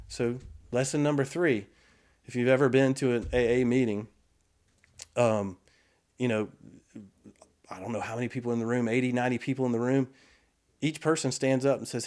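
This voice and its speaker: A middle-aged man telling an earnest, reflective story in casual conversation as a podcast guest, with frequent restarts and quiet asides. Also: medium pitch, steady tone, normal speed, pauses often.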